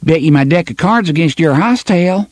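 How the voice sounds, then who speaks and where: A man's voice: on the high side, expressive, normal speed, a little mellow, no echo, studio quality, pitched above the performer's own voice. A man voicing a cruel young street boy who jeers and taunts. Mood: jeering. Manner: jeering, taunting.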